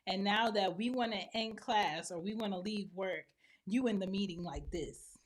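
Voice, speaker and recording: Mid-range and at an ordinary pace, the voice is that of a roughly forty-year-old mother who hosts a podcast. Speaking on her own, she gives blunt opinions and plays out lines from other people.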